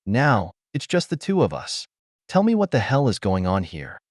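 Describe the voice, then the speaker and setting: A man reading as a betrayed husband who speaks calmly, coldly and with sarcasm in an audio story. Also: mid-range voice, normal speed, no room sound, studio quality. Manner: calm, cold, sarcastic. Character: cold, betrayed middle-aged husband.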